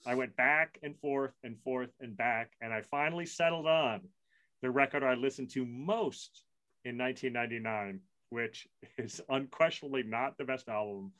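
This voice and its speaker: A man in his forties co-hosting a casual podcast chat, rambling and self-mocking with quick bursts and restarts. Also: medium pitch, fairly bright tone. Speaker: podcast co-host.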